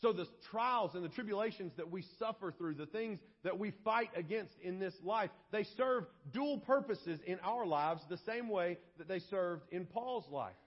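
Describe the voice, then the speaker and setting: A man preaching a sermon as pastor, walking slowly through Bible verses and now and then acting out short scenes. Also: high-pitched. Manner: explains verses slowly, acts out scenes in voices. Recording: dull lo-fi sermon audio.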